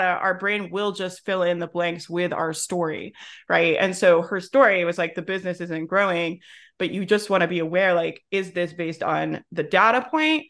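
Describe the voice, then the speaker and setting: A woman's voice: lowish voice, fairly bright tone. A woman hosting a business podcast, coaching through examples in an emphatic, casual way. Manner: emphatic, talks through examples, acts out quotes. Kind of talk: casual interview chat.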